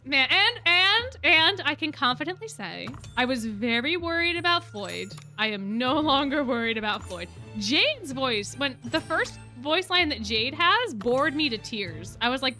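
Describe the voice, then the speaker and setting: Excitable high-voiced young woman streamer. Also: a little slow, soft background music. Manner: excitable, repeats herself, gushing fan talk. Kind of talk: casual reaction chat. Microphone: desk mic.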